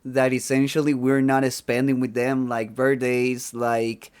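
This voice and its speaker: Smooth-voiced man hosting, halting delivery. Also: medium pitch, completely flat delivery, darkish tone. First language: Spanish. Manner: hesitant, many restarts. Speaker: podcast host. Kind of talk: casual interview chat.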